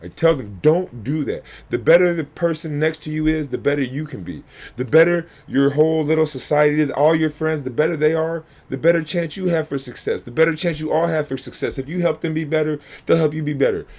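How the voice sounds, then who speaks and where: A man's voice: fairly high pitch, fast, a little mellow. A man, a youth coach, giving heated reaction commentary, emphatic and angry, repeating himself and swearing. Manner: angry and worked up.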